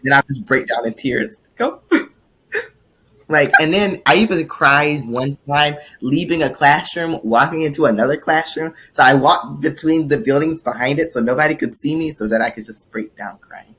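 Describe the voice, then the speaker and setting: A young woman co-hosting a podcast, telling stories animatedly and jumping high in pitch when quoting people. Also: moderate pace, slightly rough. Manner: animated storyteller, swoops high for quotes. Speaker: podcast co-host. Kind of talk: casual chat.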